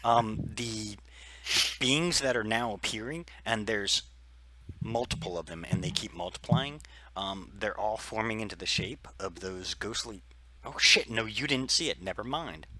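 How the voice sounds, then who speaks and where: Game master, male, low and bright, rambling scene-setter full of ums. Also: unhurried, a little hiss or hum. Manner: loose, rambling description full of fillers. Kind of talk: narrating a tabletop game.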